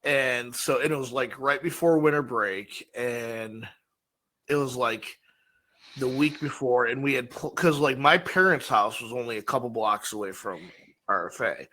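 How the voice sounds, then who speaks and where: A man's voice: mid-range voice, unhurried, sharp tone. A man co-hosting a podcast, telling rambling stories in casual chat with lots of fillers. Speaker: podcast co-host.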